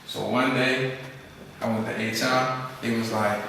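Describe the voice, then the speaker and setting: A man's voice: medium pitch, little pitch movement, unhurried, pushed and bright. A young man giving a casual talk to an audience, telling stories and acting out quoted voices. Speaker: speaker at a skills program. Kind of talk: informal presentation to an audience. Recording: echoey hall from far off, faint noise.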